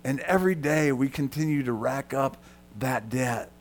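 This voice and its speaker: A man preaching a sermon, talking straight to the congregation, dropping to a quiet murmur and then rising loud for emphasis. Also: moderate pace, a little hiss or hum. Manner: swings from soft and quiet to loud and high for emphasis; conversational, addresses listeners directly. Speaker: pastor.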